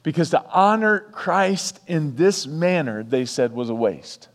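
A pastor preaching a sermon, repeating key lines for emphasis and breaking off for chatty asides. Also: male voice, fairly high pitch, expressive, a little slow, big-room sound.

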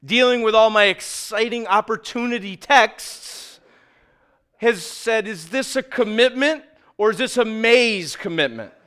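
A middle-aged man preaching a sermon as pastor, earnest, sometimes dropping low and quiet for emphasis, sometimes telling lively stories. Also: measured pace, clean tone. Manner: animated storytelling with acted quotes.

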